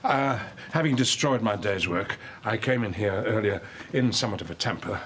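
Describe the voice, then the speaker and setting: A pompous formal gentleman. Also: lowish voice, lively intonation, normal speed, slight background noise. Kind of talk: television soap acting.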